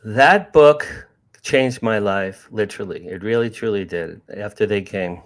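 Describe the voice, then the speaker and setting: Older author guest, fairly low voice, lively storyteller who repeats and restarts. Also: male voice, unhurried. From New Jersey. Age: 60s. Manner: animated, restarts and repeats words. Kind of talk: casual storytelling.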